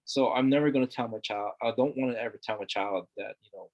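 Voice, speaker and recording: A man's voice: lowish voice, steady tone, fast talker, few pauses, a little mellow, highs cut off. A middle-aged man from Hawaii, a guest talking earnestly in a casual conversation, repeating words for emphasis. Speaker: interview guest.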